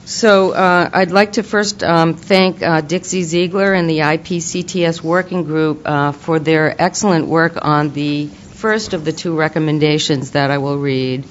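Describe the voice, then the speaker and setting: A woman's voice: low voice, fairly even intonation, measured pace, few pauses, muffled recording, a little hiss or hum. A woman with a Boston accent, co-chairing a subcommittee and presenting its report at a committee meeting, with many fillers. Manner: reads formal recommendations aloud, with many fillers. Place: meeting room.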